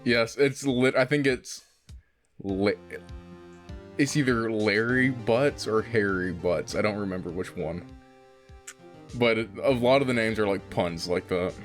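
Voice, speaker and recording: A man's voice: fairly low pitch, unhurried, faint music behind. A young man co-hosting a game play-through, rambling with offhand jokes. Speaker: let's play co-host. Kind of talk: casual gaming banter.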